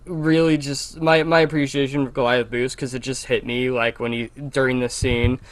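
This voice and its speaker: A man's voice: medium pitch, little pitch movement, normal speed. A man co-hosting a podcast in casual chat, talking with a Valley Girl inflection. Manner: chatty, self-described Valley Girl inflection. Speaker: podcast co-host.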